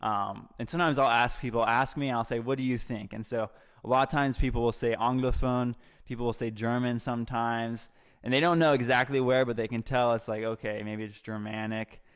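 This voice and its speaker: A man's voice: medium pitch, fairly even intonation, brisk, clean tone. An American man, a podcast guest, talking casually in an interview and thinking aloud with restarts and many "like" fillers. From United States.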